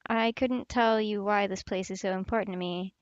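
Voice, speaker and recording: A woman reading the lines of a quiet man who returns to his old school, in a plain, even read of game dialogue. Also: mid-range voice, moderate pace, no echo, dull audio, natural voice. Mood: reserved.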